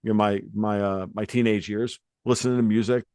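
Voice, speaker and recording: A man's voice: fairly low pitch, steady tone, brisk, darkish tone, no room sound. A man hosting a podcast, telling family stories in a rambling, salty way with many restarts. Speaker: podcast host. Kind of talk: casual podcast conversation.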